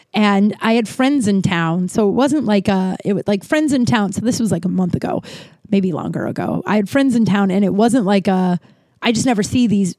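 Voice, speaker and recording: A woman's voice: medium pitch, warm tone, no echo. A woman in her thirties hosting a podcast, telling a rambling, profane story in a casual chat. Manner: chatty, profane, rambling with many restarts. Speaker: podcast host.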